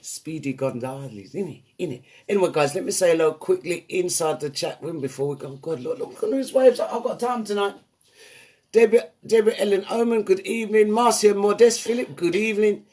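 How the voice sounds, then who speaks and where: A man hosts a live online show in a high, bright voice. He is playful and upbeat, greeting viewers from the chat by name one after another. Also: brisk. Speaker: host.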